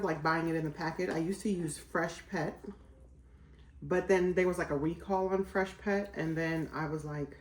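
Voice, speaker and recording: A woman's voice: sits low, reverberant, slight background noise. A woman in her forties, chatting casually as a vlogger while cooking at home, rambling with lots of fillers. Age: 40s.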